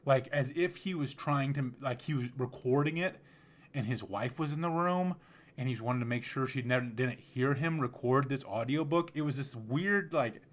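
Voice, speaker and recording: A man hosts his own podcast, telling stories in a relaxed, rambling way. He often restarts his sentences, and his voice sits at an ordinary middle pitch. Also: normal speed. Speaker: podcast host. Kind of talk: casual storytelling.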